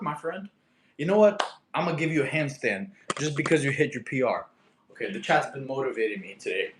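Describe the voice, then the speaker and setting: A man chatting casually with his live-stream viewers while working out, excitable and a little out of breath. His voice sits at an ordinary middle pitch. The room is echoey, with a faint hum of background noise. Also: a little fast, recorded from a distance. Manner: excitable, breathless, laughing between attempts. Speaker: fitness streamer. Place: indoor room upstairs at home.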